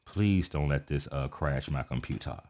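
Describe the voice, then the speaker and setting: An American man giving casual, talkative commentary on a live stream. He keeps checking in with "okay?" and mutters quietly to himself while he sets things up. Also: extremely low pitch, normal speed. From United States. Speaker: reaction video streamer.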